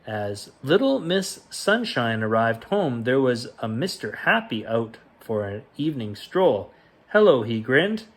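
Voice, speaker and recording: Reading a picture book aloud to wind down for bed, a man uses a sing-song, medium-pitched voice. He keeps things soft and slow, and the quoted lines get their own melodic ups and downs.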